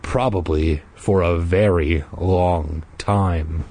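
Man doing an icy, low-voiced scientist. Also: steady tone, takes it slowly, warm tone, a little hiss or hum. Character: calm, sinister male scientist.

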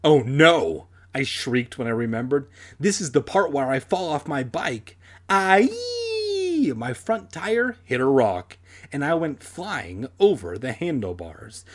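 A young man reading a children's horror book aloud with sardonic, crude comic asides. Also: medium pitch. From San Diego area.

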